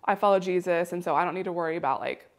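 A young woman from the United States telling a story in casual conversation, animated and full of "like" fillers, acting out quotes. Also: lowish voice, racing. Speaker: guest.

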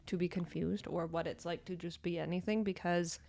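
A young woman co-hosting a podcast, chatting casually and playfully with quick laughs and lively asides. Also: on the low side, gravelly. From small town. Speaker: podcast co-host. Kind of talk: casual chat.

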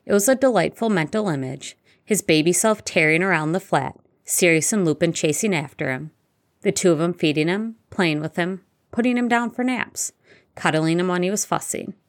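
Low-voiced woman reading a story. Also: moderate pace. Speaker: narrator. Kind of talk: reading fanfiction aloud.

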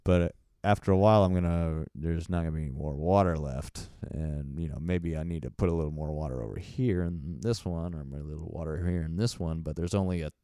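A man's voice: very deep voice, a little fast, few pauses, mellow, clear, resonant tone, no echo, clean studio sound. A man co-hosting a podcast, rambling through casual chat and laughing often. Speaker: podcast co-host. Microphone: studio mic with headphones.

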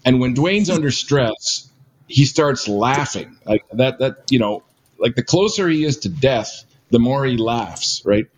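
An older man tells an adventure story in a loose, rambling way at a middle pitch. He leans on fillers and pokes fun at himself as he goes. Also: animated, unhurried, a little hiss or hum. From Canada. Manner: rambling, many fillers, self-mocking. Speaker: guest storyteller. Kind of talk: casual storytelling.

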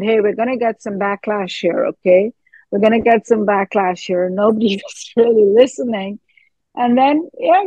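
A woman's voice: medium pitch, a little mellow, no echo, highs cut off. A woman in her fifties, an actress being interviewed, who talks earnestly and animatedly, with fillers and trailing thoughts. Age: 50s. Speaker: actress guest. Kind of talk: casual interview chat.

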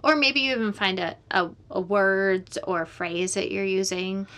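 A woman's voice: medium pitch, steady tone, unhurried. A woman hosting a casual podcast chat about birth, affirming her guest with frequent agreement. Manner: warm affirming, many agreeing fillers. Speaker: podcast host, birth worker.

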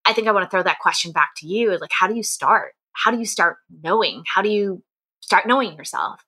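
A young woman co-hosting a podcast, chatting in an animated, talkative way in a casual conversation. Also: medium pitch, a little fast. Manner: animated, chatty, laughs often. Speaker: podcast co-host.

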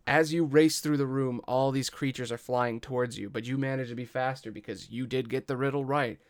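A man acting as game master, narrating a tabletop game in a slow, measured way. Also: mid-range voice, fairly even intonation.

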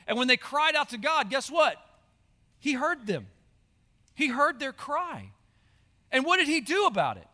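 A man, a high school pastor, preaching an earnest sermon that repeats its key lines. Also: very animated, measured pace, long pauses, pushed and bright, long reverb tail. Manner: earnest, repetitive preaching, addresses listeners as y'all.

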